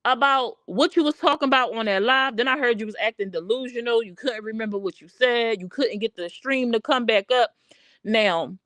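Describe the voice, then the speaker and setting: A woman's voice: a little high, no room sound. A woman hosting a casual drama commentary livestream, talking bluntly and with animation, and repeating her points as she calls someone out. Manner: blunt, animated calling-out with repetition. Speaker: livestream host. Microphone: streaming microphone.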